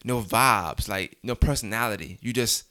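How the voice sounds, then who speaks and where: A man's voice: on the low side, moderate pace, pushed and bright. A young father hosting a casual family vlog at home, teasing and joking with his kids in a rambling, playful way. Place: home, indoors.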